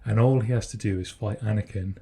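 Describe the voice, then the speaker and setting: Man, podcast co-host, husky, mellow tone, thoughtful casual chat. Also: on the low side, fairly even intonation, fast talker. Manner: thoughtful, speculative, frequent restarts.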